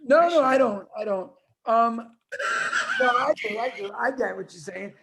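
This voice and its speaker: Gravelly, high-voiced laid-back man. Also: animated, measured pace, background noise. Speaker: podcast co-host. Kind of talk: casual podcast chat. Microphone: video call.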